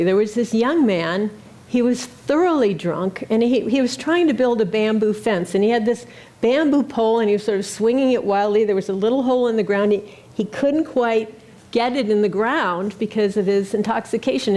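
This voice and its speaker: A woman's voice: a little high, a little mellow. Woman giving a story-led sermon. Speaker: speaker at a Sunday service.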